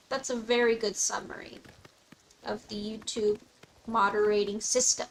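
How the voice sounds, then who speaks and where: A woman's voice: on the high side, steady tone, measured pace, vocal fry, a bit bright, a little hiss or hum, rough recording. A young woman streaming a game, chatting casually and playfully, laughing often and dropping mock-old-fashioned asides. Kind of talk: casual gameplay commentary.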